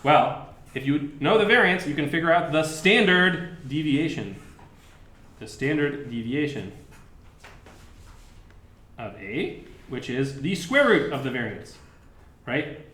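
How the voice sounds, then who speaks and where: A man's voice: on the high side, a bit bright. Casual lecturing man in an echoey room. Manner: casual, chatty explaining with many fillers. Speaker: professor. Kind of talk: university lecture. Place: lecture hall.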